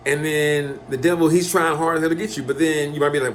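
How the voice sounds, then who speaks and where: A man's voice: a little high, fairly even intonation, fast, a bit bright, slight background noise. A man, talking in a loose, profane monologue and acting out quoted lines in changed voices. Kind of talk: casual rambling monologue.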